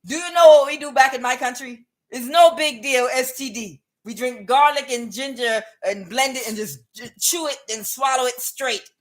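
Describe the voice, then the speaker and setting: A woman's voice: high-pitched, moderate pace, hardly any pauses, pitched above the performer's own voice, natural voice. Woman putting on a brash scolding foreign man. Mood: boastful. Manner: mocking, exaggerated put-on accent.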